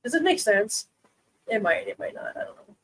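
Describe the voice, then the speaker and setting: A woman with a high voice hosts a relaxed live stream and talks loosely with her viewers. She laughs often and switches into cooing baby talk for her cats. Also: moderate pace, rough recording. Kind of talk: casual live-stream chat with viewers and pets.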